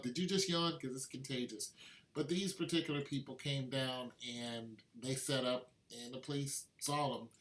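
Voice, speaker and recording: A man vlogging to camera in a loose, conversational way, drifting into asides. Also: medium pitch. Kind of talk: casual monologue to camera.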